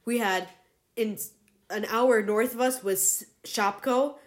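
A woman's voice: on the high side, slow pace. Young woman chiming in casually. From Montana. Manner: supportive listener, short agreements and laughs. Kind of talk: casual chat.

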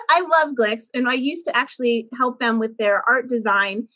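Bright, high-voiced woman telling stories. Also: moderate pace. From Pennsylvania, USA. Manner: animated storyteller, laughs a lot. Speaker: guest, painter. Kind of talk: casual interview chat.

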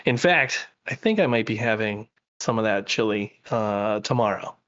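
A man's voice: fairly low pitch, expressive, moderate pace, fairly bright tone, highs cut off. A man co-hosting a podcast, chatting casually and enthusiastically with lots of fillers and restarts. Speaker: podcast co-host.

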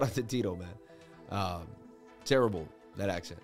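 A man's voice: deep voice, moderate pace, pauses often, faint music behind. Rambling, self-assured male market host. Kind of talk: casual livestream market analysis.

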